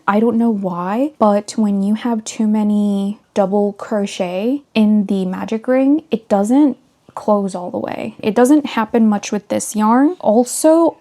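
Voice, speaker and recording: A woman's voice: mid-range voice, warm tone. A woman vlogger talking casually and earnestly through her crafting progress. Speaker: crochet vlogger. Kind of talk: casual vlog voice-over.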